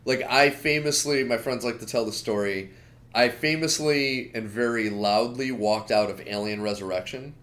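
A man co-hosting a podcast, ranting in an animated, opinionated way with lots of asides. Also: medium pitch, normal speed. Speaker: podcast co-host. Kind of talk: casual chat.

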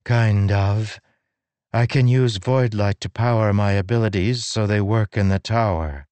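A narrator putting on a wry young female warrior who speaks offhandedly, a little higher than his own voice. It is a dry, close storybook recording. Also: fairly even intonation, measured pace, darkish tone, smooth, no echo, lightly acted.

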